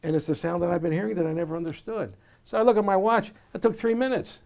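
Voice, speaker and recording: Man, jazz musician and educator, interview guest, animated storyteller, gravelly voice, scats melodies. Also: sits high, fast. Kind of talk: conversational oral history interview.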